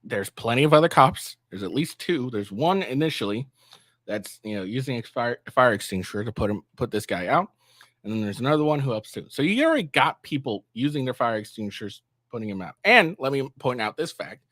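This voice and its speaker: A man's voice: mid-range voice, very animated, brisk, fairly bright tone, no echo. A man giving casual reaction commentary on his vlog, rambling with fillers and sarcastic asides. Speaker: commentary vlogger.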